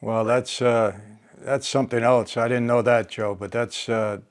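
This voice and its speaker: A man's voice: medium pitch, little pitch movement. Older man hosting a casual interview. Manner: halting, many fillers and restarts. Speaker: host.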